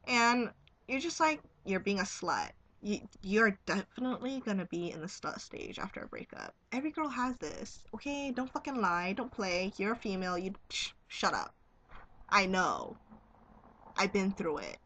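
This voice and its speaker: A woman's voice: mid-range voice, sing-song, normal speed, fairly bright tone, slight background noise. A young woman chatting casually to her camera at home, giggly and blunt, swearing freely as she talks. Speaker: vlogger.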